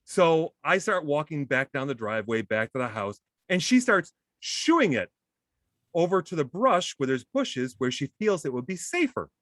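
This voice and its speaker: Animated storytelling man, lively pitch. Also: normal speed, no echo, clean studio sound. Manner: animated, acts out voices in his story; self-deprecating humor. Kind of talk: casual storytelling.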